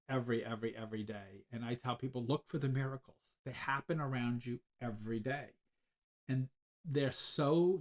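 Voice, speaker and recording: A man, hosting a podcast as a psychic medium, telling stories in a loose, animated way with frequent laughs and repeated words. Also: medium pitch. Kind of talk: casual storytelling chat.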